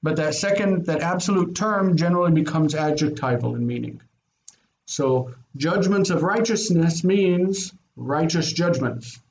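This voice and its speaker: A man teaching a Biblical Hebrew grammar lesson, explaining patiently and slowing down to spell out word forms. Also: a little high, expressive, a little mellow, muffled recording.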